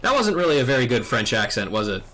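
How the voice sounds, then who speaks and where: A man's voice: medium pitch, sing-song, quick pace, bright, forceful tone, slight background noise. A man streaming a game, chatting casually with self-mocking, rambling asides. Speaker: streamer reading a game aloud. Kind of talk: casual gaming stream chat.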